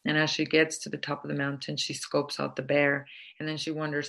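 A woman's voice: sits low, monotone, a little fast, vocal fry, fairly bright tone. A woman telling a folk tale aloud and drawing an earnest, reflective lesson from it. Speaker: storyteller. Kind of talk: oral storytelling with a moral lesson.

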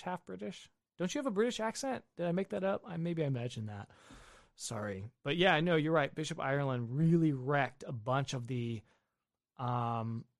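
A man's voice: on the high side, no echo, clean studio sound. A man hosting a casual livestream from his home basement, reading viewer questions aloud and answering them offhandedly. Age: adult with wife and children. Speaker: livestream host answering chat. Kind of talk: casual live-stream chat.

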